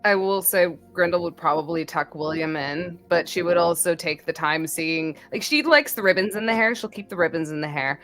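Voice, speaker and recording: Woman narrating her character softly, lowish voice, little music in the back. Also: moderate pace, hardly any pauses. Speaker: player. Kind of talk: tabletop role-play narration.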